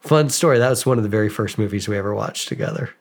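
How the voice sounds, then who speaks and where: Animated man telling self-mocking stories. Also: fairly low pitch, rapid-fire. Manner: animated, self-mocking, acts out quoted exchanges. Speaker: podcast guest. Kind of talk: casual storytelling interview.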